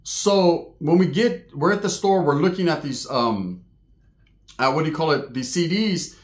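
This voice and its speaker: A man telling a true paranormal story in a casual, streetwise way, swearing freely and getting animated. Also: a little high, unhurried. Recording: echoey room.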